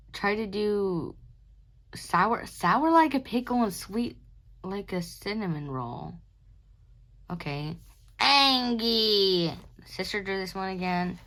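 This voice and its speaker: A woman's voice: lowish voice, fairly bright tone. A young adult woman talks casually about her sketchbook, rambling and giggly, sleepy and yawning. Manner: rambling, giggly, self-mocking. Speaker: artist showing her sketchbook. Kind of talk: casual chat.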